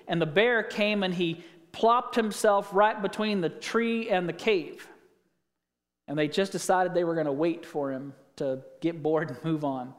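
A male pastor with a high voice delivers a sermon in a relaxed, conversational manner, mixing scripture readings with folksy anecdotes. His words ring out in a church sanctuary with a long, trailing reverb.

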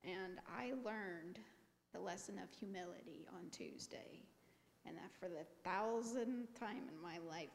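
A woman's voice: fairly low pitch, vocal fry, slight background noise. Middle-aged woman telling her testimony in a reverberant hall. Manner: lively, expressive storytelling. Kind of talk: personal testimony to a congregation. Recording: long reverb of a large hall.

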